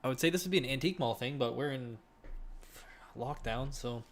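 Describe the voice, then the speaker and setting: A young man chatting casually on a live stream from his living room while listing items to resell, relaxed and often trailing off quietly. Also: medium pitch, brisk.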